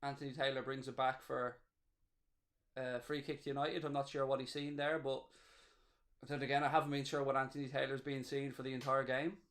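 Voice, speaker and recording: A man's voice: mid-range voice, a little fast. A man hosting a live football watchalong, cheering, gloating and reading out viewer messages. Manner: excitable, cheering and gloating, reading chat aloud. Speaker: watchalong host. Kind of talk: live match watchalong commentary.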